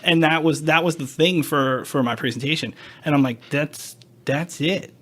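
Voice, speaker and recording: Higher-voiced man telling a story. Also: a little fast, fairly bright tone. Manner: storytelling, acts out quoted dialogue, swears, self-interrupting. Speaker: podcast host. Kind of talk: casual chat.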